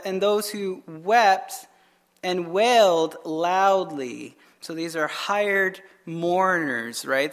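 A man, a pastor, reads scripture aloud and then comments on it in a relaxed, conversational Bible study. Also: sits high. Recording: long reverb of a hall.

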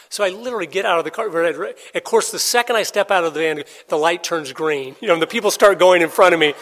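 A middle-aged man preaching a sermon, telling a personal story in an earnest way and swinging between loud, excited stretches and hushed ones. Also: on the high side, fast talker, hardly any pauses. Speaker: pastor.

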